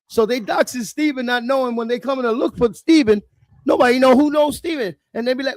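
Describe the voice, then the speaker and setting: A middle-aged man, talking bluntly and profanely in a casual chat, telling animated stories. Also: extremely high pitch, quick pace, no room sound. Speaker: livestream host.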